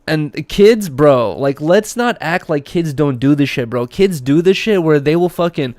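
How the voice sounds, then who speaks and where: A man's voice: on the high side, lively intonation, a little slow, darkish tone, no echo. A young man hosting a casual podcast, telling rambling stories with lots of fillers and swearing. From Russia. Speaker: podcast host.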